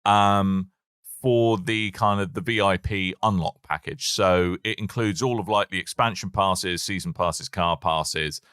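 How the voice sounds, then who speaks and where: Male co-host, low voice with bright edge, jokey chat. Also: a little slow, clear, resonant tone, no echo, clean studio sound. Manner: chatty, jokey, trails off and restarts. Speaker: podcast co-host. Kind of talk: casual chat about video games.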